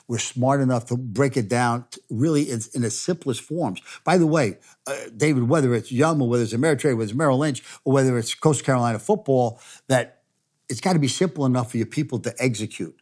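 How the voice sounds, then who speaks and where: Older male interview guest, lively storyteller, mid pitch. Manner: animated storyteller, laughs while telling stories. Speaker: former football coach and CEO, guest.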